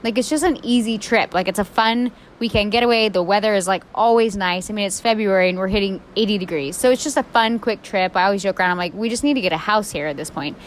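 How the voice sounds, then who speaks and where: A woman in her thirties co-hosting a podcast, telling a story in a chatty, animated way full of "like". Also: medium pitch, quick pace, few pauses, slight background noise. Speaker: podcast co-host. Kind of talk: casual storytelling chat.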